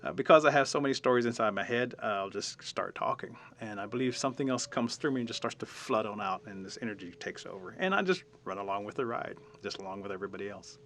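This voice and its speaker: A man from the Cherokee Nation telling a traditional story with lively drama, acting out the scenes as he goes. His voice is bright and forward. The telling is relaxed and spoken from memory. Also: lowish voice, quick pace, few pauses, a little hiss or hum. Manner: animated, dramatic, acts out the scenes.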